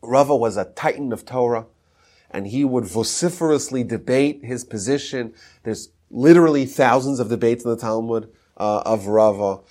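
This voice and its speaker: A man's voice: medium pitch, normal speed, a little mellow. A man giving a podcast lecture on Talmud history, teaching emphatically and mixing in Hebrew terms.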